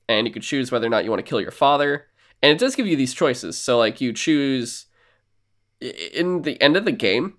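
A male podcast co-host talks casually about a game he finished. He recaps the plot and slips into quick character voices along the way. His voice sits at a middle pitch. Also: fairly bright tone. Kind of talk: casual chat.

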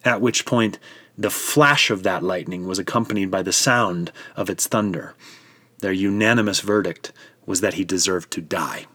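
A man narrates a scripture story with dramatic, vivid storytelling. His voice is low and husky. The recording is dry and close. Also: normal speed, bright, forceful tone, dry recording.

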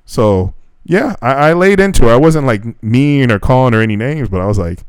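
Clear and resonant with no echo, a young co-host's medium-pitched voice moves fairly quickly on the podcast. He relates a dating story casually, swearing freely and performing the quoted exchanges.

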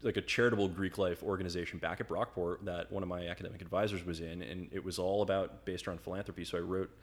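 A man in his thirties from the United States, talking in a loose, rambling way and stacking "like" between his phrases. His voice sits very low. He is in relaxed conversational storytelling mode. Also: quick pace. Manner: rambling storyteller, heavy use of "like" fillers. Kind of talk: casual chat.

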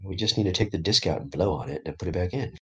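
Give me a man with a very deep, husky voice, chatting casually as a tabletop player. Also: expressive, fast, a bit bright, muffled recording.

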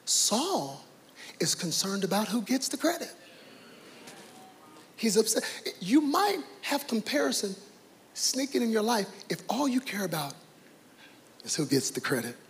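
Animated preacher in a reverberant hall. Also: male voice, high voice, a little slow, long pauses, slight background noise. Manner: dramatic, swings from hushed to shouting. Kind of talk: sermon. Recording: reverberant hall with faint ambience.

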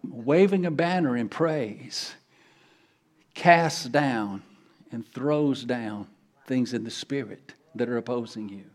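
A middle-aged man preaching a sermon as a guest speaker in church, emphatic and swinging between quiet and loud. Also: medium pitch. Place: church sanctuary.

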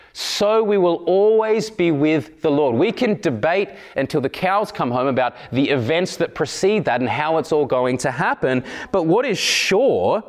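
A man preaching a sermon in a church, earnest, slowing down on emphatic phrases. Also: fairly high pitch. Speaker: pastor.

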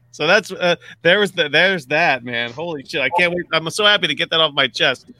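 A man's voice: on the high side, a little fast, few pauses, pushed and bright. A man hosting a casual fantasy football chat, rambling and self-deprecating, with many restarts and some swearing. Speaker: podcast host.

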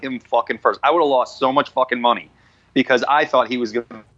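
Bright-voiced man in crude banter. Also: mid-range voice, steady tone, quick pace. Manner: laid-back, crude joking banter. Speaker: podcast co-host. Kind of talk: casual chat. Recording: dull lo-fi sound.

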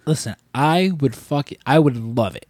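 A young man hosting a podcast, telling stories in a rambling, profane, animated way. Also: fairly high pitch, moderate pace, no room sound, studio quality. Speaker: podcast host. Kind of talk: casual chat.

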